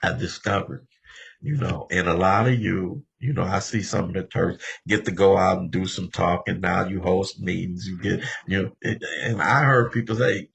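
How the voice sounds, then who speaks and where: Old guy in his 70s sharing at a meeting, super gravelly and husky, chatty storyteller. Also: low-pitched, fairly even intonation, moderate pace, a bit bright. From Los Angeles. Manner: conversational storytelling, often addressing the room directly. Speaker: speaker at a recovery meeting. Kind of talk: personal recovery share.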